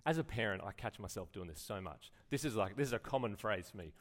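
Lively conversational man preaching. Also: fairly low pitch, fast. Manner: conversational preaching, rhetorical questions, acted-out quotes. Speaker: pastor. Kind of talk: sermon.

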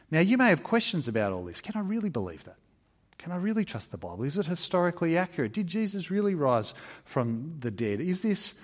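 Guy preaching a sermon, voice swings up and down a lot, chatty with ums. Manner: expressive, emphatic preaching with varied pitch; conversational, with fillers. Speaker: pastor.

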